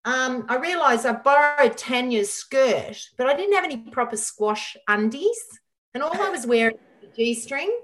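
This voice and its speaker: Middle-aged woman telling a lively story. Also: high voice, normal speed, a little hiss or hum. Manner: lively anecdotal storytelling with quoted dialogue. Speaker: guest, former squash champion. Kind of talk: interview storytelling.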